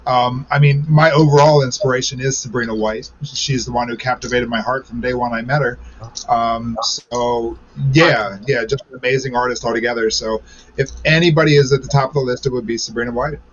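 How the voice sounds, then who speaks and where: A man's voice: medium pitch, fairly even intonation, a little fast, lo-fi sound, a little hiss or hum. A man speaking as a drag performer co-host on a video call, earnest, rattling off names. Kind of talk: casual chat.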